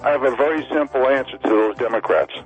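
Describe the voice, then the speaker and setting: A man's voice: mid-range voice, quick pace, husky, soft background music. A man of sixty from New York City, a radio guest and author, running through an emphatic list of political demands and short of breath. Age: 60s. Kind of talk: impassioned political call-in monologue. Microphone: phone call. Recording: tinny phone line.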